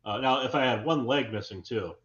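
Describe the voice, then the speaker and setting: A man's voice: medium pitch, fairly quick, crowd noise. Man, wry joking podcast co-host, echoey room, muffled lo-fi sound. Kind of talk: casual banter.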